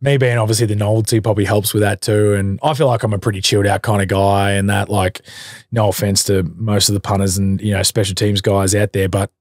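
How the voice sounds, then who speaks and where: A young man with an Australian accent talks in an easygoing, chilled-out podcast chat, his voice on the low side. He drifts through fillers and casual swearing. The sound is close and dry, with no room around it. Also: fast, no room sound. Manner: relaxed, laid-back, loose swearing, many fillers. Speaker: interview guest, football punter.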